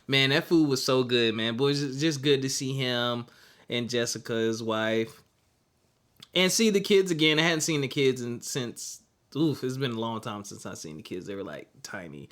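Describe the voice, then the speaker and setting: A young man co-hosting a podcast, chatting in a relaxed, rambling way with frequent fillers. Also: mid-range voice, normal speed. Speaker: podcast co-host. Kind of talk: casual chat.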